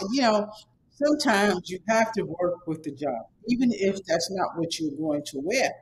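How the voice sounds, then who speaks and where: Instructor, male, high-pitched, casual and repetitive, a touch of faint background noise. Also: sing-song, moderate pace, rough recording. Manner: rambling, repetitive, emphatic pep talk; casual, conversational. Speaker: online course instructor. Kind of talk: motivational talk to students.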